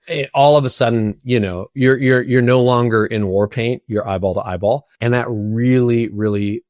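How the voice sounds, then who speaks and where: A man's voice: mid-range voice, fairly even intonation, normal speed, few pauses, no echo, studio quality. A middle-aged man gives church leaders earnest, conversational advice to camera. He sometimes repeats words while gathering his thoughts.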